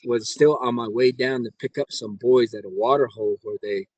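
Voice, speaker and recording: A man's voice: mid-range voice, a little fast, a little mellow, no room sound, poor audio. A middle-aged man from the Navajo Nation, a scoutmaster telling his story in a rambling way, with restarts and acted-out quotes. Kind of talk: casual storytelling.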